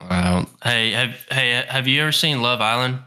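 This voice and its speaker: A man's voice: mid-range voice, expressive, normal speed, sharp tone, clear, resonant tone. A young man co-hosting a casual podcast, blunt and dry, swearing freely. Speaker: podcast co-host. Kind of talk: casual chat.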